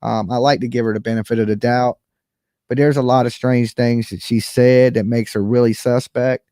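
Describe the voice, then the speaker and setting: A man's voice: medium pitch, fairly even intonation, moderate pace, mellow, no echo, studio quality. A man hosting a live stream, giving casual, chatty commentary straight to his viewers. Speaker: livestream host reacting to a recording.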